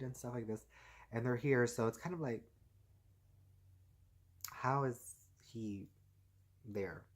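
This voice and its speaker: A man casually recapping a TV episode, rambling with lots of fillers and frequent laughs. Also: fairly low pitch. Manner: rambling, heavy filler "like" and "and stuff like this"; laughs often while talking.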